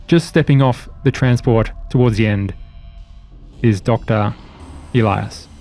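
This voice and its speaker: A man's voice: lowish voice, mellow, soft background music. Man narrating a sci-fi tabletop game. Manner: slow, descriptive scene-setting. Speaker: game master.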